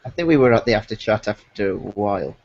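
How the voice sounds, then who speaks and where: A man's voice: fairly low pitch, lively intonation, quick pace, creaky, darkish tone, a little hiss or hum. A man co-hosting a casual online fan chat, laughing often and cutting in to ask others to hold on, on a dull lo-fi recording. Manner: laughs often, interrupts with "hang on".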